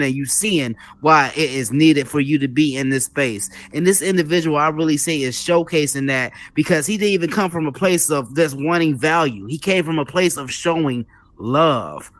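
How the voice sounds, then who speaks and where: Lively man hosting a live show, dry sound. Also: on the high side, normal speed, no room sound. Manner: animated, repetitive, preacher-like emphasis, calls the audience "folks". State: a little out of breath. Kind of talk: casual live show monologue.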